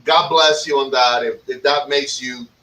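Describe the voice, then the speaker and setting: A man from Cuba hosting a casual cigar podcast, talking in a profane, animated way and acting out other people's lines as he tells stories. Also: medium pitch, unhurried, reverberant, far from the mic, low-quality recording. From Cuban. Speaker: podcast host.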